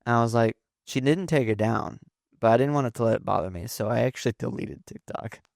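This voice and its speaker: A man's voice: mid-range voice, fast, gravelly, darkish tone, no room sound, clean studio sound. A young man in his late teens, a podcast guest telling rambling stories with lots of fillers and restarts. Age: young adult. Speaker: podcast guest, son of host. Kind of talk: casual storytelling chat.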